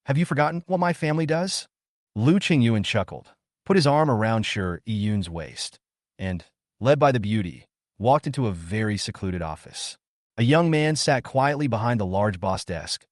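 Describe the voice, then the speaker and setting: A man with a fairly low voice narrates a comic story, his pitch rising and falling a lot as he goes. The sound is dry and close. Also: very animated, moderate pace, darkish tone, dry recording.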